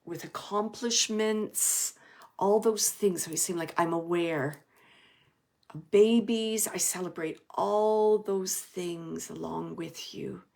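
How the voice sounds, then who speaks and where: A woman's voice: fairly low pitch, slow pace, gravelly. Chatty woman medium with many fillers. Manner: drops to a soft hush at times. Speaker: medium giving readings. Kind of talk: live reading to an audience.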